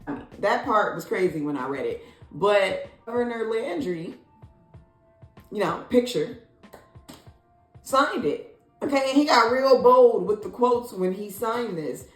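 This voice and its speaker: Woman vlogger, sassy, expressive, incredulous pitch leaps, roomy echo, soft music underneath. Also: a little slow, pauses often. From Illinois. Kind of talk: casual opinion commentary. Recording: echoey room, faint music.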